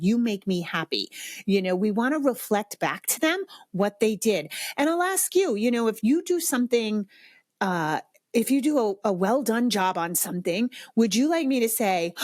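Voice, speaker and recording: A woman's voice: no echo, studio quality. A middle-aged woman hosting a solo parenting podcast, talking conversationally and emphatically. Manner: conversational, emphatic, acts out quoted parents in a high sing-song voice. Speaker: podcast host, potty training expert. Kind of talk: solo podcast advice talk.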